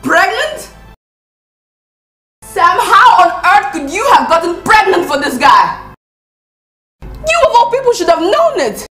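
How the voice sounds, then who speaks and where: A woman's voice: very high voice, very animated, slow, pauses often, sharp tone, exaggerated voice. A woman with a Nigerian accent playing an exasperated young woman who scolds her friend in disbelief. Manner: scolding, incredulous. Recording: echoey room.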